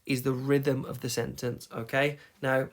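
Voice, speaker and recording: Brief: male teacher, mid pitch, emphatic and steady, recorded lesson voice-over. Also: measured pace. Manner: emphatic, tapping out rhythms, frequent "okay?" check-ins. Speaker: English teacher.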